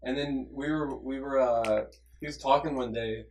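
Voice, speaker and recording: A man's voice: mid-range voice, steady tone, normal speed, darkish tone, roomy sound, recorded from a distance. A teenage boy telling a rambling story in casual chat with friends, laughing often. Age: teens. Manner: storytelling, imitates his teacher, laughs often. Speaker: student.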